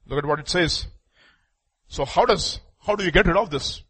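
A man preaching a fiery sermon in a fairly high voice. He swells to loud, urgent peaks and then drops to a soft, pleading hush. The delivery stays earnest and driven throughout. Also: normal speed, breathy edge. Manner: impassioned, swings from loud urgent bursts to hushed pleading.

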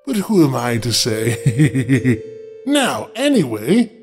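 A high-voiced man reads a fairy tale with a very lively, up-and-down delivery. He keeps stopping to make sarcastic jokes, and faint music plays behind him. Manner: sarcastic, joking interruptions. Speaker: storyteller host. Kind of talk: fairy tale reading with comic asides.

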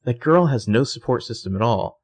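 A man's voice: medium pitch, expressive, brisk, a little mellow, lightly acted. A man quoting a caring, fussy suburban mother in a podcast recap. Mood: concerned.

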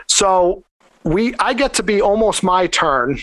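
Middle-aged man, slightly high voice, rambling animated storyteller, dry close recording. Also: slow, no room sound. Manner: rambling, animated, lots of "like" fillers. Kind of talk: casual anecdote.

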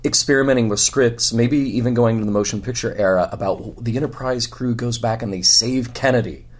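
A man's voice: mid-range voice, fairly quick. A male podcast host, his voice scratchy after a weekend convention, musing enthusiastically in casual conversation from a hotel room. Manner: musing, enthusiastic, restarts often.

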